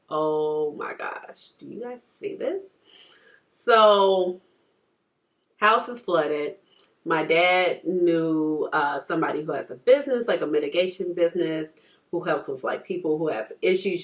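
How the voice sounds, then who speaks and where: Beauty vlogger, thirties, female, slightly low voice, talks in loose rambling stories while applying makeup. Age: 30s. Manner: chatty, rambling storyteller. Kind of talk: casual chat while doing makeup.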